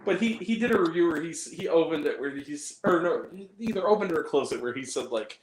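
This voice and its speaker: A man's voice: on the high side, expressive, a little fast, reverberant, slight background noise, rough recording. A young man hosting a casual movie review chat, rambling, laughing often and cracking crude jokes.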